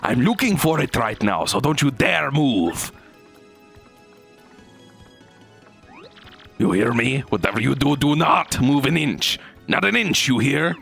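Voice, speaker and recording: A man's voice: lowish voice, steady tone, fairly quick, hardly any pauses, faint music behind, close to an everyday voice. A man voicing a bossy woman who has lost her contact lens, in a mangled fake German-Russian accent.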